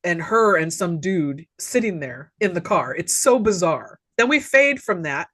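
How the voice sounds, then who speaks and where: A woman's voice: lowish voice, expressive, unhurried, fairly bright tone. A young adult woman co-hosting a podcast, recapping a movie in casual chat, laughing often and swearing freely. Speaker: podcast co-host.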